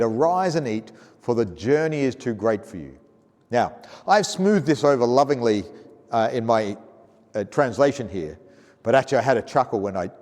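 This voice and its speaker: A man's voice: medium pitch, a little mellow. A man with an Australian accent preaching a sermon in a church, reading scripture aloud and asking the congregation questions in a conversational way. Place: church hall. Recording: long hall reverb in a church.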